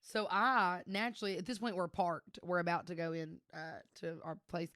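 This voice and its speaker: A woman's voice: fairly low pitch, fairly even intonation, normal speed, fairly bright tone, no echo, studio quality. A young woman co-hosting a podcast, telling a story in casual chat and laughing often. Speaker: podcast co-host.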